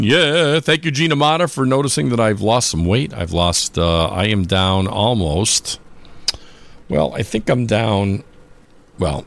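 A man hosting a polka show in casual live-stream chat, rambling with many filler sounds and restarts, upbeat in his shout-outs. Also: lowish voice.

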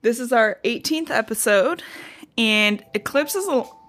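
Exasperated woman podcast co-host, higher voice. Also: animated, a little slow, fairly bright tone. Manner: teasing, exasperated scolding. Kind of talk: casual chat.

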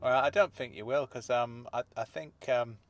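A man hosting a comedy podcast, talking in a mild, calm, deadpan way with hesitant fillers. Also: medium pitch, normal speed, dry recording.

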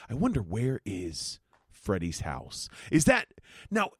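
A man co-hosting a podcast, reacting with quick jokes and asides in casual comedic chat. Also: medium pitch, wildly swooping pitch, gravelly, husky, no echo, studio quality. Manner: reactive, quick asides and laughs, very swooping delivery. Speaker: podcast co-host.

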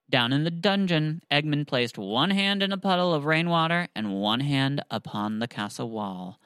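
A man's voice: fairly high pitch, expressive, moderate pace, few pauses, fairly bright tone, clear, resonant tone, no echo, poor audio. A man casually retelling a story with many fillers and restarts, then reading passages aloud. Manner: rambling, filler-heavy.

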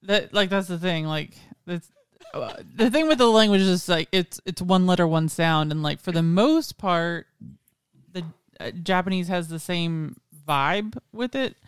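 Smooth-voiced podcast co-host man. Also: high-pitched, a little slow, dry recording, studio quality. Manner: pedantic, corrects pronunciation. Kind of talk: casual chat.

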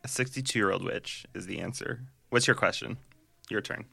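A man's voice: on the low side, moderate pace, creaky, pushed and bright, husky, no room sound, clean studio sound. A young man co-hosting a comedy podcast, telling rambling stories in a playful, casual way. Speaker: podcast co-host.

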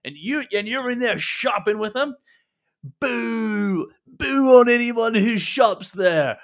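A man voicing an angry dwarf protester who shouts and jeers in a tabletop game. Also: very high voice, lively intonation, slow, voice pushed up, exaggerated voice. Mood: angry jeering. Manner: shouting, jeering.

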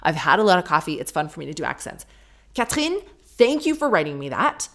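A woman hosting a podcast, chatting frankly and quickly breaking into laughter. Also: deep voice, big pitch swings, a bit bright. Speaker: podcast host. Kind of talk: casual chat.

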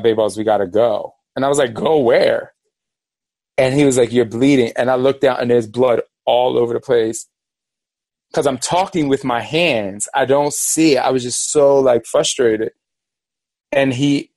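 A man hosting a podcast, telling a personal story in a rambling, animated way and acting out the voices of people in it. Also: medium pitch, dry recording. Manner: animated, rambling, acts out quoted dialogue. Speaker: podcast host. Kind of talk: casual storytelling.

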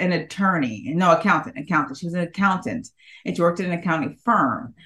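Emphatic woman coaching on public speaking. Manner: emphatic, keeps checking in with "okay?"; animated, swings her pitch up and down for emphasis. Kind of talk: coaching talk to an audience.

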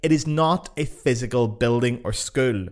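A Northern Irish man talking straight into a podcast mic in a loose, unscripted monologue. He is blunt and swears freely. He pokes fun at himself with a dry edge, at a medium pitch. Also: normal speed, a little mellow. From Northern Ireland. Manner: blunt, sweary and self-mocking. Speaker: podcast host.

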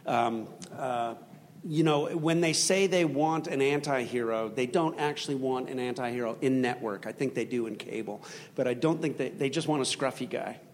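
A man's voice: medium pitch, normal speed, a little hiss or hum. A man speaking candidly on a panel as a TV show creator, wry and hesitant. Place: live festival panel in a large hall. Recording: reverberant hall.

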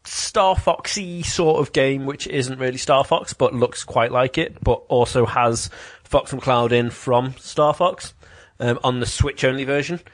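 A man's voice: mid-range voice, measured pace. A man co-hosting a casual podcast chat, rambling with ums and restarts. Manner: chatty, many ums and restarts. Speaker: podcast co-host. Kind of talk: casual chat about video games.

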